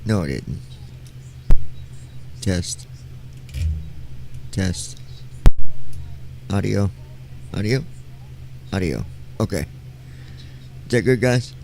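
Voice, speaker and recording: A low-voiced man chatting casually on a headset mic, joking with his viewers. He talks in an unhurried, drawn-out way, with faint background noise. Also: lively intonation, vocal fry. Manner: playful, joking, testing his mic aloud. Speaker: streamer host. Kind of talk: casual live-stream chat.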